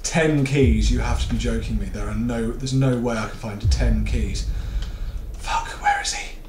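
A man's voice: medium pitch, moderate pace, roomy sound, noisy background. A man talking through a horror game as he plays, muttering, swearing and getting jittery. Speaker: gaming video host.

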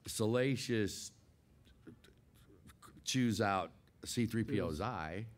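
A man in his sixties with a slightly low voice tells a backstage story as an interview guest. He is animated and laughs easily. He acts out the scenes as he goes. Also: very slow. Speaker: guest voice actor. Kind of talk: casual anecdotal storytelling.

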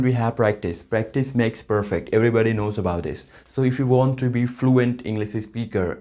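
Indian man, English tutor, low voice, earnest and halting, lots of restarts. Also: dark tone. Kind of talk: casual spoken-English tutorial.

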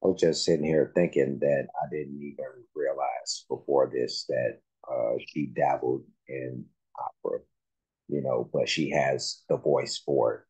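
A man hosting a music reaction video, talking slowly and haltingly with many fillers and restarts. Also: very deep voice, steady tone, darkish tone, slightly rough, low-quality recording. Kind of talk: casual reaction commentary.

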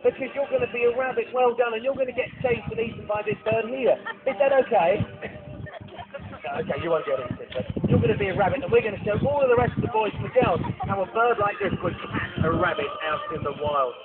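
A man's voice: high-pitched, quick pace. A man presenting a falconry display at an outdoor arena, joking and coaxing children from the crowd into the show. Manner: jokey, cheerful, coaxing children. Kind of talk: live outdoor show commentary with audience. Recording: tinny phone-like camcorder audio with music behind.

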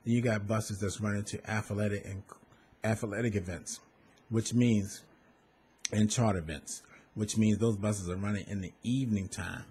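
A man's voice: on the low side, steady tone, moderate pace, warm tone, breathy edge. A man, a former bus contractor, speaking earnestly to parents, repeating and stressing his points. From Maryland. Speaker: school bus safety advocate, former contractor. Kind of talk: direct public appeal to parents.

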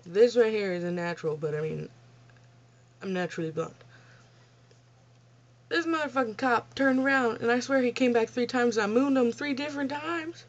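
Speaking at normal speed with frequent pauses, a young woman with a slightly high voice recounts her childhood in a casual vlog Q&A. She's blunt and profane and keeps laughing at herself over a dull lo-fi home recording.

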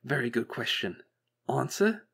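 Man doing a manic male robot, rambling, flippant, bitter, squeaky jumps in pitch, audiobook voice. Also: normal speed, natural voice. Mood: mock storytelling. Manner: rambling, flippant, lurching up high in excitement. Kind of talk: audiobook character voice.

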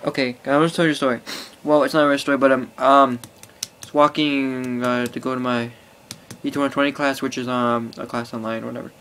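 A man's voice: medium pitch, level tone, brisk, fairly bright tone, clean tone. A teenage boy rambling casually to an iPod camera, full of fillers and swearing. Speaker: vlogger. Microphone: phone or iPod held close.

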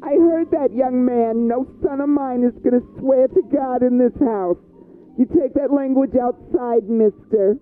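A high-pitched, fussy mother who nags and scolds her son at every turn, put on by a performer. The sound is a little dull and lo-fi, with faint music underneath. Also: a little slow. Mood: scolding. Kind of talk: improvised comedy skit.

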